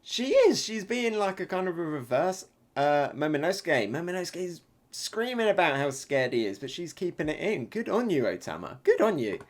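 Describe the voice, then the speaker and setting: A man giving a live reaction review of a comic chapter. He reads panels aloud, laughs often and gets excited at big moments. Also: on the high side, normal speed, hardly any pauses.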